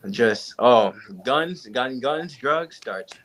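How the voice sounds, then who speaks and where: This young adult panel guest takes his time, speaking slowly in a medium-pitched voice over slight background noise. He recounts stories casually to the group, bringing the quoted exchanges to life with animation.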